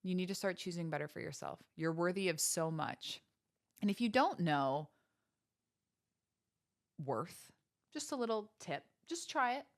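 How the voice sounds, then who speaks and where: A woman's voice: on the low side, lively intonation, a little slow, long pauses. A woman hosting a podcast, giving earnest, preachy motivational talk with faith references and many rhetorical questions. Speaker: podcast host.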